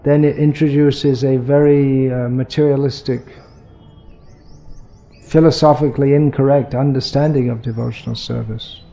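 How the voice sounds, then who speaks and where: A man answering questions as a spiritual teacher, explaining in a measured way with frequent restarts. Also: mid-range voice, steady tone, gravelly, dark tone, soft background music.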